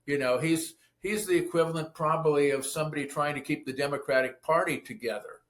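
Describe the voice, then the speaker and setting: A man's voice: a little high, a little fast, fairly bright tone. A man speaking as an interview guest, a theologian and pastor, talking thoughtfully and often restarting his sentences. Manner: thoughtful, with frequent restarts and stammers. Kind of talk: conversational interview.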